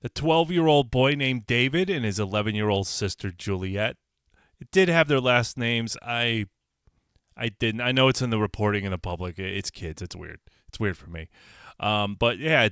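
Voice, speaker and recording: A man's voice: medium pitch, smooth, no room sound, studio quality. A man from Connecticut hosting a casual solo podcast, talking bluntly with plenty of swearing and repetition. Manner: blunt, animated, swears and repeats himself. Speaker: podcast host.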